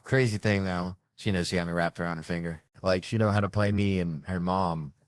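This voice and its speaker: A man doing stand-up comedy, telling stories in a loose, conversational way with animated asides. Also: low-pitched, a little fast, no room sound, clean studio sound.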